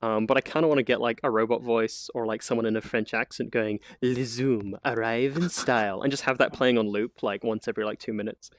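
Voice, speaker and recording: A man's voice: mid-range voice, fairly even intonation, fast, hardly any pauses, a little hiss or hum. A man giving a casual, chatty live-stream tour of a virtual apartment he built, with lots of fillers and frequent laughs. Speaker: community manager giving a VR tour.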